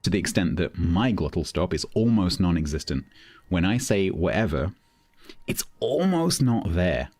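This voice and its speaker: Deep-voiced Londoner chatting on stream. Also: male voice, very animated, normal speed, darkish tone, no echo. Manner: chatty, explanatory, many restarts. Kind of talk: casual chat with stream chat. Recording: faint background music.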